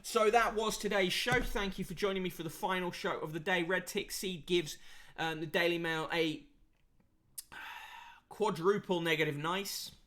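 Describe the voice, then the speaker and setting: A man's voice: sits high, normal speed, bright, forceful tone. A man hosting a podcast and giving a sardonic, casual running review of newspapers, with plenty of fillers.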